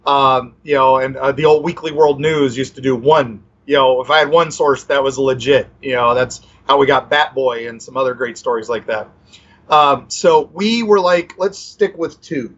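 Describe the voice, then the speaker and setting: A man's voice: mid-range voice, moderate pace, a bit bright. Rambling male author on a dull line. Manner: rambling, full of fillers and restarts. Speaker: author and guest. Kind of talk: casual interview chat.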